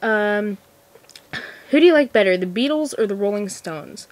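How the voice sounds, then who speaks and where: A seventeen-year-old girl chats through viewer questions in a casual vlog. She sounds nervous and giggly, rambling and restarting her sentences often. Her voice sits at an ordinary middle pitch for a young woman. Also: expressive, normal speed, a little mellow, dry recording. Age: teens. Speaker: vlogger.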